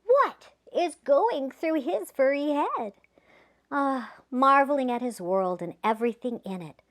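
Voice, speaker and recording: Lively woman reading a children's story. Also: sits high, measured pace. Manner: playful, asks the listening kids questions; drops to a whisper at quiet moments. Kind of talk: reading a rhyming picture book aloud to children.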